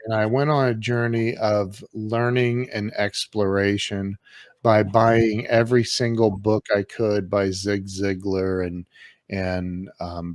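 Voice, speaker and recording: A man's voice: lowish voice, a little mellow, no echo, clean studio sound. A man in his fifties, a podcast guest, telling his life story in a candid, emphatic way, acting out past conversations. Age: 50s. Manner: candid, emphatic, acts out quoted exchanges. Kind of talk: casual storytelling in an interview.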